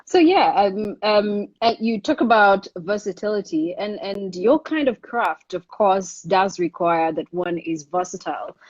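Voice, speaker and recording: A woman's voice: medium pitch, lively intonation, unhurried, few pauses. A woman hosting an online interview, asking her questions in an encouraging, friendly way. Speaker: interview host. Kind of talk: conversational interview. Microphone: online live video call. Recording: dull lo-fi online stream.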